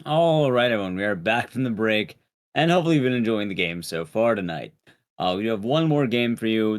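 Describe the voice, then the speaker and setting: Relaxed male stream host. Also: mid-range voice. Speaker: show host. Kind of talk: live stream announcements.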